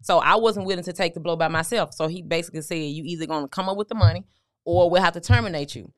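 On an interview show, a middle-aged woman who works as a motivational speaker candidly recounts a personal story in a conversational way, quoting what people said. Her fairly low voice moves fast, recorded with studio quality and no echo.

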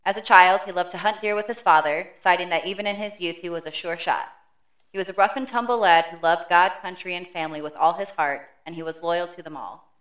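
A woman co-hosting a true crime podcast, reading a prepared case summary in a steady, matter-of-fact way. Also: on the low side, brisk, muffled recording. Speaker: podcast co-host.

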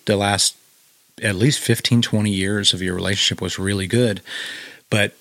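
A man's voice: lowish voice, fairly even intonation, normal speed, a bit bright, dry recording. A man hosting a podcast, speaking in a supportive, affirming conversational way. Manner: affirming, supportive, frequent agreement. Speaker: podcast host. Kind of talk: conversational interview.

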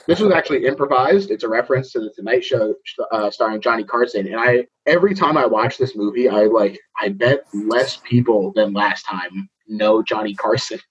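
Man, podcast host, very breathy husky voice, jokey, laughing a lot, dull lo-fi sound. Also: medium pitch. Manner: jokey, laughs often mid-sentence. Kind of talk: casual movie recap chat. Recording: dull lo-fi recording.

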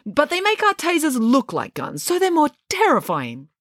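A woman voicing a frumpy, apologetic older female professor in a storybook reading, with a lively, fussy delivery. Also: high voice, normal speed, no room sound, studio quality, pitched above the performer's own voice.

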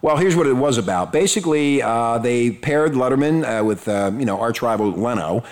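A man's voice: mid-range voice, expressive, moderate pace. A man hosting an online talk radio show, chatting casually and rambling through news with lots of fillers.

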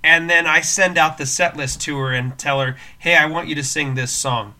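Male podcast host, very bright and forceful tone, casual storyteller who restarts often. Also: fairly high pitch, moderate pace. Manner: storytelling, animated with many restarts. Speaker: worship leader and podcast host.

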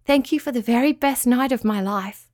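A woman voicing a tiny, cheerful female spider in a storybook, bright and eager. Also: fairly high pitch, normal speed, pitched above the performer's own voice, natural voice.

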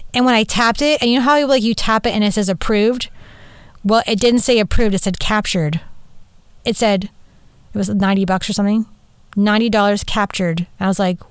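A woman's voice: mid-range voice, clear, resonant tone, no echo. A woman hosting a podcast, rambling in casual monologue and swearing freely, recorded in a small closet. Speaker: podcast host.

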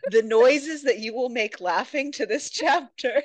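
A woman co-hosting a casual book podcast, retelling scenes with lively quoted voices and laughter. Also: a little high, a little slow, dry recording. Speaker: podcast co-host.

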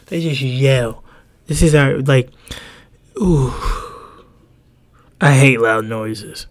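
Rambling, profane podcast host, a man. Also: drawn-out words. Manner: profane, rambling, jumps between pitches. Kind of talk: casual podcast rant.

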